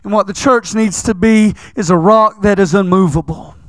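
High-voiced emphatic male preacher. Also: moderate pace, no room sound. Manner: emphatic, repetitive, swinging between loud and hushed. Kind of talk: sermon.

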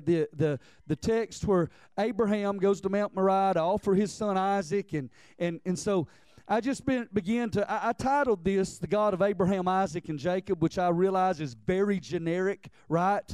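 A man of about forty preaches with heartfelt urgency, tripping over repeated words as his passion climbs. His voice sits high and rings clean and smooth. The sound is close and dry, with no room around it. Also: a little mellow, no room sound. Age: 40s. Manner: earnest, stammering restarts, building in intensity. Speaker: pastor. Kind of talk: sermon.

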